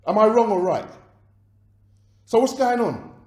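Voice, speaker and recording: An actor playing an agitated record label boss, arguing on the phone and swearing. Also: male voice, high voice, animated, a little slow, darkish tone, roomy sound. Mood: outraged. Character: angry male London record boss on phone. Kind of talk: dramatized film phone calls.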